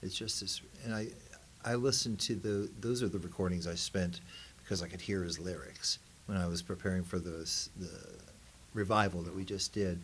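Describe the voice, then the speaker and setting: A man's voice: deep voice, fairly even intonation, moderate pace, a bit bright, slight background noise. A man, a band member, speaking reflectively in an oral history interview in a museum.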